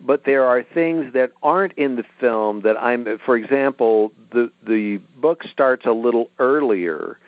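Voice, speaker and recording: A middle-aged man, an author being interviewed, explaining his work in a relaxed, storytelling way. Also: medium pitch, unhurried, hardly any pauses, no echo. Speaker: author guest. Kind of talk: interview over a phone line. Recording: tinny dry phone line.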